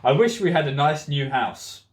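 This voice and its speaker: A man reading aloud as a squeaky mother mouse whose house has burned down. The voice is slightly high and lively, with a distressed edge. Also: normal speed, echoey room, lightly acted.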